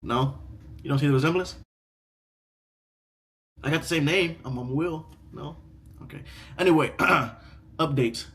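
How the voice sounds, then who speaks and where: A young man reads online stories aloud for a casual reaction video and then rants, speaking a little slowly and pausing often. He repeats points, swears freely, and moves between loud outbursts and low mutters.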